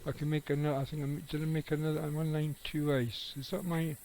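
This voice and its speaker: A man's voice: a little high, flat delivery, fast, a little mellow, a little hiss or hum, rough recording. Rambling middle-aged man streaming. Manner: rambling, chatty with viewers, swears casually. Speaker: game streamer. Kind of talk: casual live gameplay commentary.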